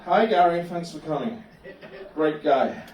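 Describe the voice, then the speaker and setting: A male stand-up comedian, telling absurd tales in a deadpan way. His voice sits fairly high. It rings around a roomy club space, caught from a distant mic. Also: a little slow. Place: comedy club bar room.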